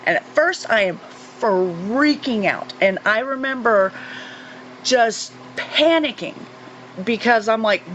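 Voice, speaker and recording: A woman in her forties from North Carolina, a guest recounting a personal experience in an earnest, halting way with many fillers. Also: a little high, lively intonation, fairly bright tone. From North Carolina, USA. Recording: muffled recording with faint hiss.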